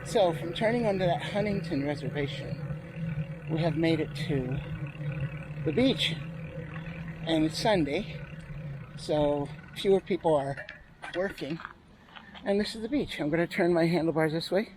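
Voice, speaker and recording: A man's voice: on the high side, a little slow, pauses often. A man chatting casually as he rides a bike outdoors and narrates the route, out of breath at times. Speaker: vlogger. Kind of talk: casual talk while cycling. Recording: loud outdoor noise.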